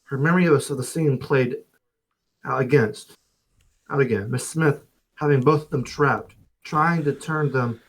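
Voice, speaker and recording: A man's voice: mid-range voice, measured pace, poor audio. A man streaming, reading a visual novel aloud with casual joking asides to chat. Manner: casual, joking asides between narrated lines.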